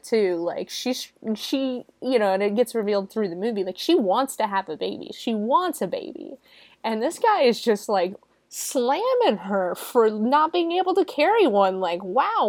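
A young woman giving a casual, chatty movie recap, swearing freely and jumping into high, loud mock quotes. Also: dry recording. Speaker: movie reviewer.

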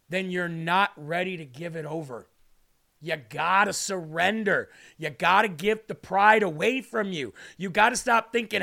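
A man's voice: sits high, measured pace, gravelly, pushed and bright. A man preaching an emotional livestream sermon, pleading and repeating questions for emphasis.

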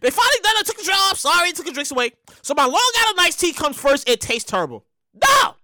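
A woman with a very high, sharp voice rants through a comic story as a show host. Her pitch leaps all over the place, and she swears freely, breaking into shouted outbursts. The sound is dry and close. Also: quick pace, no echo. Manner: profane, animated, bursts into shouting. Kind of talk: comedic storytelling rant.

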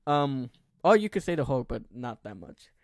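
A man's voice: medium pitch, big pitch swings, moderate pace, no echo, clean studio sound. A man in his twenties, a podcast host, telling a rambling, profane story in casual chat.

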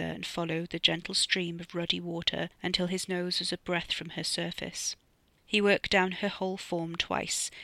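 Gravelly, bright-voiced author narrating. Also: medium pitch, dry recording. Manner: measured storytelling. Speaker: author reading own novella. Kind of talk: scripted narration.

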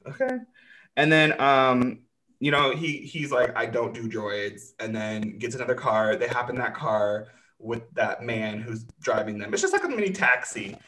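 A man's voice: mid-range voice, normal speed, reverberant. A man hosting a casual recap chat, swearing freely and acting out the characters as he retells scenes. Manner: animated, swearing, acts out characters. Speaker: podcast host recapping a show.

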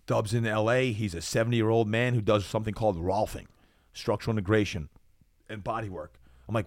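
A man's voice: lowish voice, brisk, no room sound, clean studio sound. A middle-aged man from New Jersey, a fitness coach guest on a podcast, telling a personal story with lots of energy and acting out the dialogue. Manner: animated, acts out quoted dialogue.

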